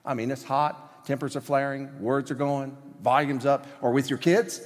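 A man's voice: medium pitch, steady tone, moderate pace, in a large hall. A man preaching a sermon as pastor, emphatic, acting out quotes and asking the congregation questions.

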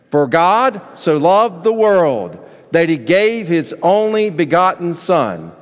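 High-voiced pastor preaching in a hall. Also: male voice. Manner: animated preaching, leads the congregation in reading. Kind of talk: sermon. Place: church sanctuary. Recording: long reverb of a church hall.

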